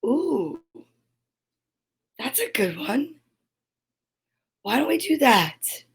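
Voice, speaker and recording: A woman with a high voice hosts a children's show in a cheerful, goofy manner. She takes her time, drawing out each word as she greets the kids by name. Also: sing-song, extremely slow, husky. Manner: cheerful, goofy, reads out long lists of names. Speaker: host of a kids' story time show. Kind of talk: casual chat to children.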